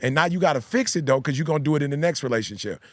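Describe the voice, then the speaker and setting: A man who's a pastor and podcast host speaks very fast in a slightly high, animated voice during a casual discussion. He's emphatic, repeating key phrases in a preacher's cadence, and the recording is dry.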